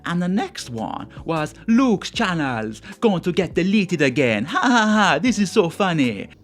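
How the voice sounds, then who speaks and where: A man's voice: sits high, very animated, measured pace, voice pushed up, heavily acted. A man voicing a gloating young male online commenter in a mocking tone.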